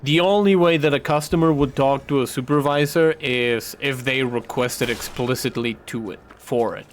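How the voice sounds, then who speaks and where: A male streamer chats casually while gaming, rambling and swearing his way through his stories. His voice is mid-range at a moderate pace, with slight background noise.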